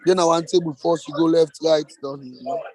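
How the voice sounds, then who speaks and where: Man, high voice, repetitive broken instructions, casual, directing a camera. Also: fairly even intonation, fairly quick, a little mellow. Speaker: person directing the camera operator.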